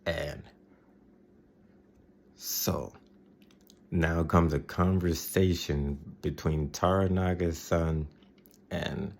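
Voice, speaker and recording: A man's voice: deep voice, steady tone, very slow, pauses often. A man casually recapping a TV episode, rambling, laughing often and mimicking the characters. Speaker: video host recapping a TV episode.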